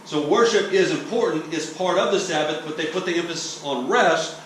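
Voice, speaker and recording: Speaking at a moderate pace in a slightly high voice, this man is a preacher from Texas teaching through a sermon conversationally. He explains as he goes, checks in with "okay?" often, and restarts sentences. Recording has room echo, a faraway mic, and light hiss.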